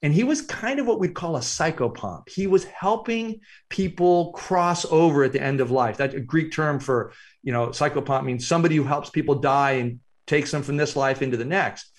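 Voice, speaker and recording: Male author guest, higher-pitched, reflective storyteller with halting pauses. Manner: reflective, unhurried, halting with fillers. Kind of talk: storytelling interview.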